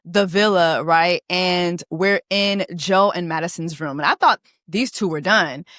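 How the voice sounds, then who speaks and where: A woman casually recapping a reality show, animated, profane and laughing as she goes. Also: on the low side, measured pace, dry recording, clean studio sound. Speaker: reaction vlogger.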